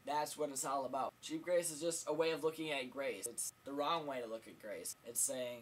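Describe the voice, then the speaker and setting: A man's voice: fairly high pitch, normal speed, fairly bright tone. A young man preaching a casual vlog sermon, earnest and plain-spoken, repeating his key points for emphasis. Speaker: vlogger preacher.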